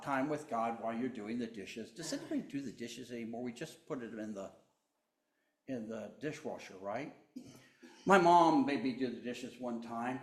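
A man preaching a sermon, slow and deliberate, swinging between loud emphasis and hushed tones. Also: mid-range voice, animated, roomy sound. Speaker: pastor.

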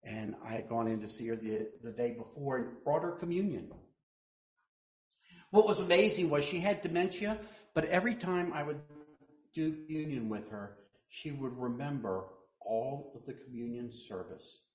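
A man preaching a sermon as pastor, telling stories and quoting people in hushed voices, then rising to loud emphasis. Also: medium pitch, moderate pace. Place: church sanctuary. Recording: echoey church room.

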